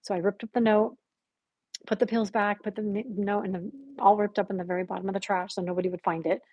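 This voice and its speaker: Animated woman telling her story, dry sound. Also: medium pitch, quick pace, husky, no echo, lo-fi sound. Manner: animated storytelling, acting out quoted voices with gasps. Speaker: podcast guest. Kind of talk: telling a personal story in conversation.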